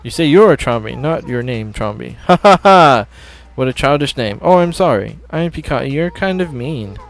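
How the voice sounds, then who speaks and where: A man's voice: medium pitch, lively intonation, a little fast, creaky. A man voicing a haughty animal villager in a game, speaking in a condescending way. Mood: snooty.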